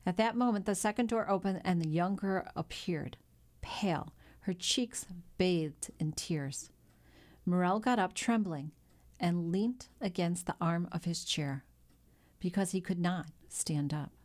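A woman reads a classic novel aloud, her voice sitting a little low. She tells the story in a measured, even way, letting each scene unfold steadily. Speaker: audiobook narrator. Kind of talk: scripted narration.

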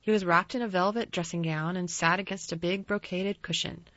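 Woman reading a story, calm and steady, kinda muffled dry recording. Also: fairly low pitch, fairly quick, no room sound. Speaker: audiobook narrator. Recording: slightly dull dry recording.

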